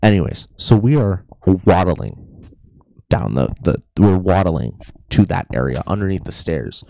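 Casting: young male podcast co-host, very low gravelly voice, dry close sound, rambling jokey storyteller. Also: mellow, no echo. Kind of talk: casual chat.

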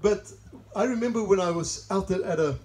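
A man's voice: high-pitched, a little fast, darkish tone, poor audio. A man from South Africa with a South African accent, preaching a sermon and telling chatty personal stories with laughs. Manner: chatty, laughs at own asides. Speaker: pastor. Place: church service in a greenhouse.

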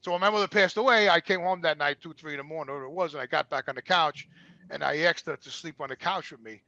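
A man's voice: on the high side, fast talker, bright, forceful tone, no room sound, dull audio. A man telling personal stories in a rambling, candid way, repeating words and swearing freely. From New York. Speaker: guest. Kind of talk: candid conversational storytelling.

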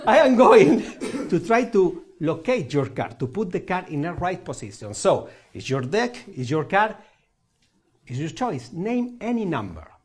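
A man's voice: high-pitched, very animated, a little slow, slightly rough. A Spanish man with a Spanish accent and broken English, performing a playful live magic show with audience laughter and banter. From Spain.

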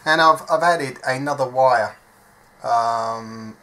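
A man with a medium-pitched, fairly bright voice talks slowly at an indoor workbench, with a little hiss or hum in the background. He's a hobby electronics modder giving a casual step-by-step soldering demo, chatty and poking fun at himself as he thinks aloud.

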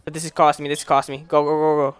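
A young man giving casual commentary while playing a basketball video game, slangy and excitable, calling out plays to the game. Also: a little high, rapid-fire, clear, resonant tone, no echo. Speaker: gaming YouTuber.

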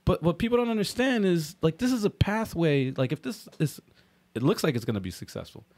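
Man, podcast co-host, casual chat, earnest, lively pitch, slightly high. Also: fairly quick, no echo. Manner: earnest, building an argument.

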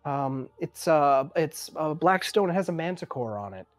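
A bewildered middle-aged mother, polite but shaken, stumbling through her words with ums and false starts, as the game master puts her on. Her voice sits at an ordinary middle pitch. It is a tabletop role-play game, with faint music in the background. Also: lively intonation, moderate pace, no room sound, lightly acted. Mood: flustered. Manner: hesitant, full of ums and restarts.

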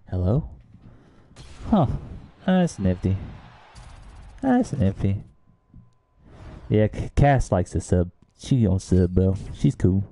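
A man's voice: low-pitched, big pitch swings, slow pace, creaky, pauses often, warm tone, a little hiss or hum. A young man chatting casually on a late-night game stream, thinking aloud and fumbling through the instructions for his new close mic. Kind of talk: casual live-stream chat. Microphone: new desktop condenser mic, close.

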